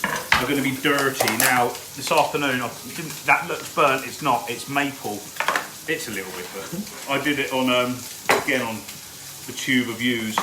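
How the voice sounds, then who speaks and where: A man's voice: mid-range voice, normal speed, heavy background noise. A man hosts a live cook-along from his home kitchen, chatting casually and greeting viewers by name as he cooks. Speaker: cooking show host. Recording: echoey kitchen with frying sizzle.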